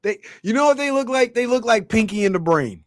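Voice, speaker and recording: A man's voice: high-pitched, lively intonation, a little fast, no room sound, clean studio sound. A man hosting a ranting comedy commentary, crude and mocking, laughing at his own jokes. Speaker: channel host.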